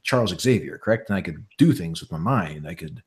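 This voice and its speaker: A man's voice: deep voice, lively intonation, brisk. A man mimicking a pompous actor. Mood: pompous, boastful. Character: pompous older male actor pitching lewd scripts. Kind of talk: impression within casual chat.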